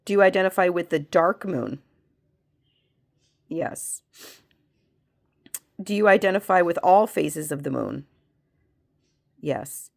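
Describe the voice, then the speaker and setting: A woman who has a cold, working as a medium, leads a spiritual pendulum reading and asks slow yes-no questions that she answers herself. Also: on the low side, gravelly. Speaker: medium and reiki practitioner.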